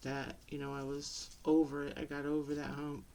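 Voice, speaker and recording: A middle-aged woman talking to the camera in a personal vlog, halting and tearful, with many pauses and restarts. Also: low-pitched, monotone, gravelly, darkish tone. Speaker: vlogger.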